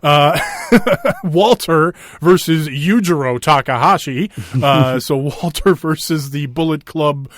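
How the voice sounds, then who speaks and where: A man's voice: on the high side, slow pace. A man with a Minnesota accent hosting a wrestling podcast, talking in a loose, rambling way full of fillers and swearing. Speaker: podcast host. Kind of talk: casual chat.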